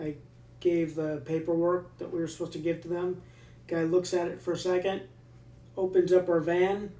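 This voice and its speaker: A man's voice: on the high side, roomy sound, recorded from a distance. Army veteran man telling a story. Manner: relaxed, many fillers and restarts. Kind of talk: casual storytelling.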